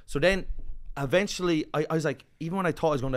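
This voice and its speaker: Animated Northern Irish man telling a story. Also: fairly high pitch, racing. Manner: animated, swearing, breathless retelling with quoted voices. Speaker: podcast co-host. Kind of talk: casual storytelling chat.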